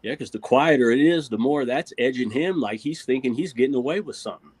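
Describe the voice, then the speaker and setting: A man with a slightly husky voice makes his points bluntly in slangy talk. The sound is dry and close. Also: medium pitch, a little fast, darkish tone, dry recording. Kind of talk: casual discussion.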